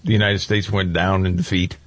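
A man's voice: sits low, little pitch movement, fairly quick, fairly bright tone, dry recording. A man hosting a casual talk show, chatting with co-hosts in an emphatic, conversational way. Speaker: host.

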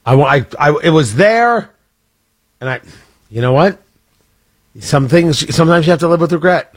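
A man's voice: fairly high pitch, animated, moderate pace, slightly rough. A male radio host talking in loose, jokey on-air banter, laughing often and mocking himself.

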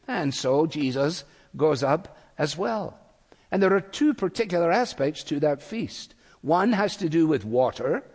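A man preaching a sermon, speaking earnestly and slowing down to quote scripture. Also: fairly high pitch, darkish tone, big-room sound. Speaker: pastor.

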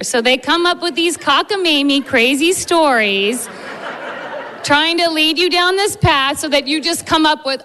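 A woman who works as an emergency medicine doctor tells a funny story, animated and laughing through it. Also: high-pitched, normal speed, big-room sound. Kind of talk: live storytelling.

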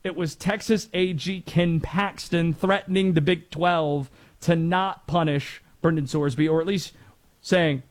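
A man's voice: a little high, fairly even intonation, measured pace. A man from North Carolina hosting sports talk radio in a chatty way, laughing easily and wandering into asides.

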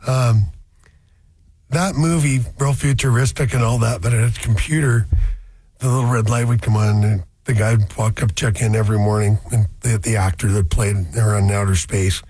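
A man's voice: mid-range voice, steady tone, normal speed, darkish tone, husky, no echo. A man hosting a car radio show, rambling through folksy asides in a casual chat.

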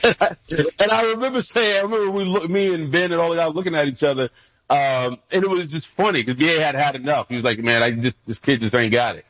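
A man who used to play football, a guest telling lively stories and acting out his old coaches' shouts. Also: a little high, brisk, dry recording. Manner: animated storyteller, acts out coaches' shouts. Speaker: former football player, guest. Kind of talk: casual storytelling. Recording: dull, dry lo-fi sound.

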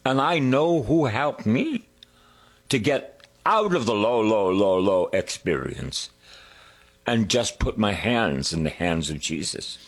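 A man preaching a sermon, drawing out his words, singing a hymn line and dropping to hushed whispers. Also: lowish voice, very animated, breathy edge. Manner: slow, drawn-out preaching with sung lines and hushed whispers.

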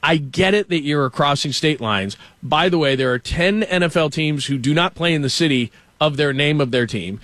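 A man's voice: a little high, normal speed, fairly bright tone, no echo. A man hosting a casual sports talk show, ranting with animation and mock quotes. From Los Angeles. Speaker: show host.

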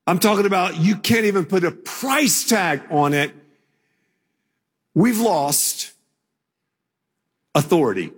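An older man preaching a sermon as pastor, telling a story in a relaxed conversational way before building to emphatic declarations. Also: high voice, slow pace, long pauses, slightly rough, in a large hall.

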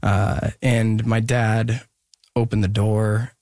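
A man's voice: on the low side, flat delivery, darkish tone, dry recording, clean studio sound. Earnest young man telling his story. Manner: earnest, reflective, halting. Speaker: interview guest. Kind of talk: personal storytelling in an interview.

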